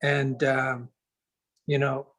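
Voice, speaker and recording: A man as an interview guest, telling a reflective story in an earnest, unhurried way and pausing to search for words. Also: medium pitch, level tone, fairly bright tone, low-quality recording.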